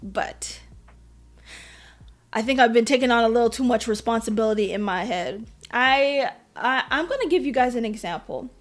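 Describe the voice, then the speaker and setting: Young woman podcast host, high voice, candid and self-mocking, acts out quotes. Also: moderate pace. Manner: candid, self-deprecating, with animated quoted asides. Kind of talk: personal storytelling. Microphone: podcast mic.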